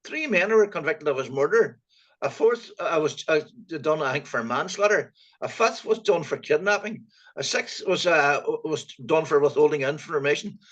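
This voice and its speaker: A man with a Donegal accent, co-hosting a casual political chat, animated and colloquial. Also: on the high side, moderate pace. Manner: animated, colloquial, lots of fillers. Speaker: co-host. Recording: dull lo-fi sound.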